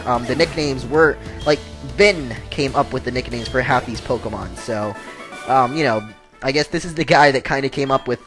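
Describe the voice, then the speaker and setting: A man's voice: on the high side, fairly bright tone. A man hosting a video game playthrough, chatting casually with rambling asides and lots of fillers. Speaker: let's play host. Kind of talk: casual gameplay commentary.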